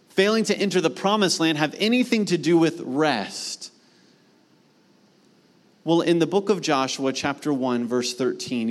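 A man with a fairly high voice preaches a sermon. He reads scripture and then presses his listeners with questions. His pleas drop soft and slow, then rise again. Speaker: pastor.

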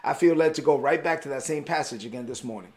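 A man from Brooklyn preaching a devotional sermon in an emphatic, animated way, repeating his key points. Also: fairly high pitch, fast. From Brooklyn, New York.

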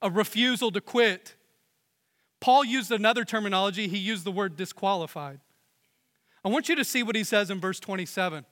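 Young male pastor, high bright voice, earnest sermon delivery, reverberant sanctuary. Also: fairly quick. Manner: earnest preaching, rising and dropping to hushed emphasis. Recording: long hall reverb.

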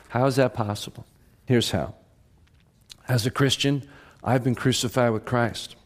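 A man preaching a sermon as a pastor, earnest and emphatic, sometimes softening to a hushed voice. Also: medium pitch, fairly even intonation, unhurried, long pauses.

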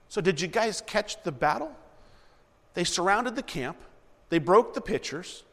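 Lively preacher guy reading scripture, kinda high voice, long hall echo. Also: normal speed. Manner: animated, repeats himself, acts out scenes. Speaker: preacher teaching a Bible passage. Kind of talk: sermon with verse reading.

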